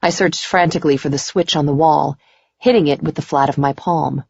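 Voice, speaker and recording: A woman narrating a first-person romance audiobook in a slow, intimate way. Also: deep voice, steady tone, gravelly, a little mellow, husky, no room sound. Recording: slightly dull lo-fi recording.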